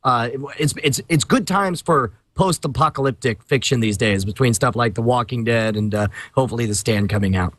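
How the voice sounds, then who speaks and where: A man's voice: medium pitch, brisk, few pauses, a bit bright, no room sound. A man co-hosting a podcast, chatting casually and enthusiastically, repeating words for emphasis. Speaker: podcast co-host. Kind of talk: casual chat.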